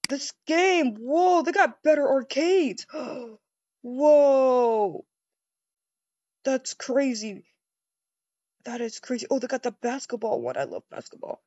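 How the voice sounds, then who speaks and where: A woman doing a first-person role-play over a game, excitable and easily startled, rambling with stammered restarts. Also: high-pitched, slow pace, pauses often, no echo, lo-fi sound.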